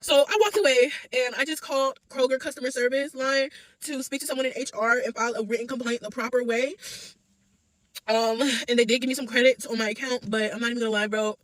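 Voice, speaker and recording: A woman's voice: a little high, steady tone, fast talker, dry recording, low-quality recording. A woman who works as a delivery driver, venting to camera in an upset, swearing rant and calling her viewers y'all. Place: Georgia.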